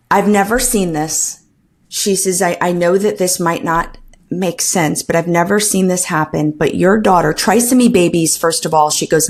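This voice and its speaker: A woman recounting a painful personal story as a podcast guest, earnest and emotional, with frequent restarts and quoted dialogue. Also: on the low side.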